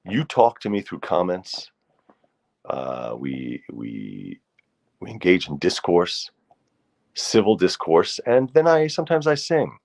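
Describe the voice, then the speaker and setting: A man with a very low voice hosts a relaxed livestream, talking casually and rambling a little. He greets his viewers one by one by name. He sounds middle-aged and at ease. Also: takes it slowly, vocal fry. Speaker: host.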